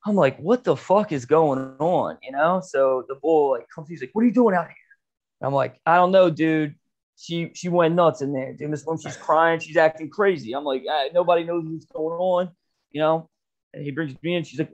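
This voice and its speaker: A man's voice: a little high, normal speed. Rambling, profane podcast co-host man. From Philadelphia area. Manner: rambling, profane, laughs often. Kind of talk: casual storytelling chat. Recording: dull lo-fi podcast audio.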